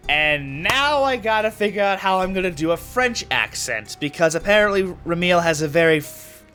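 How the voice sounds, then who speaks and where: Lively, self-mocking game narrator. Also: male voice, high voice, normal speed, soft background music. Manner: casual, self-deprecating, swears freely. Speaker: let's play host. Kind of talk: reading a visual novel aloud with commentary.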